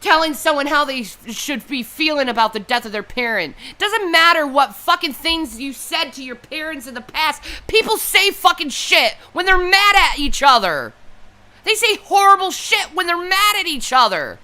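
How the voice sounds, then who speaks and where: Woman livestreamer, grieving and enraged, swearing rant, lively up-and-down delivery with a bright, cutting edge. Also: sits high, normal speed. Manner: furious, profane and tearful, repeating herself. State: grieving and upset. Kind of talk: angry unscripted livestream rant.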